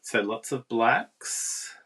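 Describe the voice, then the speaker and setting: A woman's voice: extremely low pitch, very slow, a bit bright, husky. A woman giving a casual, chatty live card-making demonstration and talking with viewers. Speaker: papercraft demonstrator.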